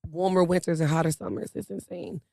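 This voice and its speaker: A comedy show co-host in a relaxed way, reading listener questions aloud. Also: medium pitch, brisk, gravelly, no echo, clean studio sound.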